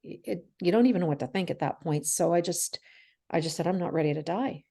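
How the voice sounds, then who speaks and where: In an interview, a Canadian woman in her forties tells a candid personal story, acting out the dialogue and laughing through the painful parts. Her voice is low, gravelly, and mellow, and she speaks fast.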